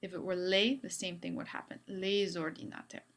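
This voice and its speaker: A woman's voice: lowish voice, fairly even intonation, moderate pace, fairly bright tone. A woman teacher giving a video lesson on French grammar, upbeat with playful asides.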